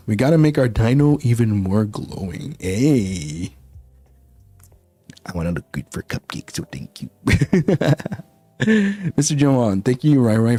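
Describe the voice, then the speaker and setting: A man's voice: medium pitch, dark tone, no echo. A male VTuber chatting casually with his viewers, rambling and laughing often. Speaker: VTuber streamer.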